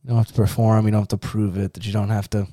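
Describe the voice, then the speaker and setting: A man co-hosting a casual Bible discussion, talking in a relaxed, thoughtful way and often hedging with filler words. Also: fairly low pitch, very fast, dry recording, clean studio sound. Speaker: podcast co-host.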